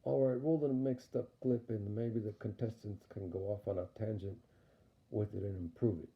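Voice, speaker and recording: A man voicing a brisk female game show co-host speaking in voiceover, in an audio story. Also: fairly low pitch, fairly even intonation, close to an everyday voice. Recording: dull lo-fi recording.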